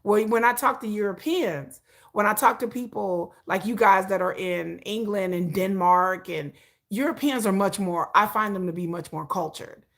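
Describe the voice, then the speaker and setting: A woman hosting a casual livestream, animated and opinionated, often breaking into laughter. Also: mid-range voice, moderate pace. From United States. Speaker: livestream host.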